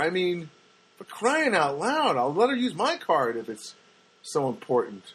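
Husky man rambling through a podcast monologue. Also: fairly high pitch, very animated, a little slow, fairly bright tone, poor audio. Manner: rambling storyteller, acts out quoted people. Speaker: podcast host. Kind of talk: casual monologue. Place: Los Angeles.

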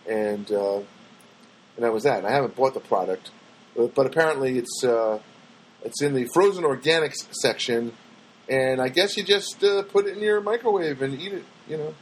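A man's voice: a little high, slightly rough, poor audio. An older man telling rambling everyday stories in casual talk, full of fillers and asides.

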